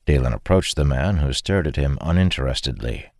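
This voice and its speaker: Deep-voiced male audiobook narrator. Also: lively intonation, a little fast, a little mellow, no room sound, clean studio sound. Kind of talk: scripted fantasy narration.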